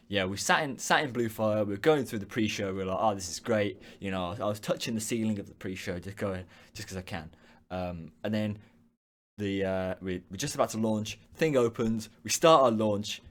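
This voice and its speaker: Young male host from the UK, fairly low voice, chatty and rambling, answering viewers live. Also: normal speed. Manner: rambling, frequent ums and restarts. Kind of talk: casual live-stream chat.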